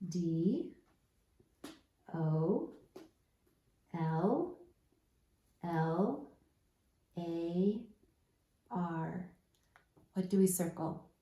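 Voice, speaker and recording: A woman teaching a slow, deliberate phonics lesson to young children, spelling out letters one at a time and modeling each sound patiently. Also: fairly low pitch, warm tone, reverberant. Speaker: reading intervention teacher.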